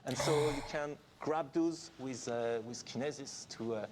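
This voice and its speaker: A man's voice: medium pitch, a little slow, heavy background noise. A game developer, a man, patiently explaining design details in an interview.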